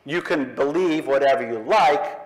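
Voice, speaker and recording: A middle-aged man giving a public speech to a live audience, speaking in slow, punchy declarations with pointed pauses. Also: mid-range voice, poor audio. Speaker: speaker at an atheist convention. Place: live event in front of an audience.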